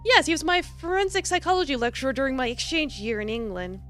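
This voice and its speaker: A woman's voice: high voice, expressive, fast talker, a bit bright, soft background music. A woman voicing a confident young female detective, teasing and self-assured, while reading a visual novel aloud. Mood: proud.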